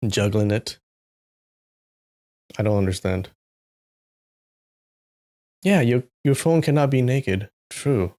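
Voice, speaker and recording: A man's voice: lowish voice, slow pace, pauses often. A man hosting a live stream, chatting casually with his viewers and greeting them by name. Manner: chatty, greets chat by name, animated asides. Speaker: live-stream host reading a novel.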